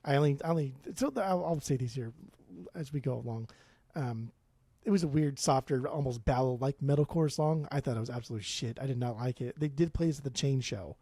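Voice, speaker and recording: A man's voice: mid-range voice, a little fast, mellow, slightly rough, dry recording. A man in his forties from Southern California, co-hosting a podcast with blunt, profane opinions. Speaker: podcast co-host. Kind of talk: casual podcast chat.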